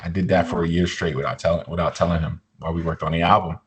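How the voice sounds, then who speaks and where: A man in his forties, a podcast guest, telling his story in a relaxed, joking way, full of "you know" and easy fillers. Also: low-pitched, fast talker, slightly rough. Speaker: podcast guest, musician and motivational speaker. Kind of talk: casual storytelling interview.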